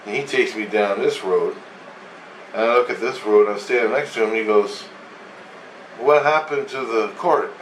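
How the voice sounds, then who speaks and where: A man's voice: lowish voice, brisk. A man casually recounting a dream, meandering and swearing freely as he goes. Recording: echoey room, distant mic, faint hum.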